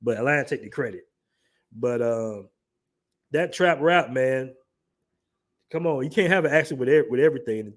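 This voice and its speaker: A man's voice: medium pitch, moderate pace, long pauses. A young man from the southern United States with an African American Vernacular English accent, hosting a livestream in loose, joking talk full of slang and reading the chat aloud. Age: young adult. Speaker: livestream host.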